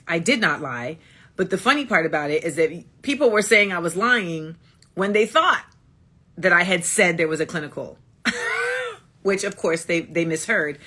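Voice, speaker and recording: This livestream host speaks a little slowly but animatedly, her mid-range voice pushed and bright. Into her phone she delivers a casual, blunt, emphatic monologue, circling back to the same points repeatedly.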